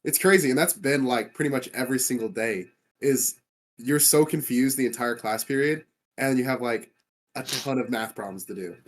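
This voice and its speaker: A man's voice: medium pitch, normal speed. A teenage man, a podcast guest, complaining in an exasperated way. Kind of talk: casual podcast chat.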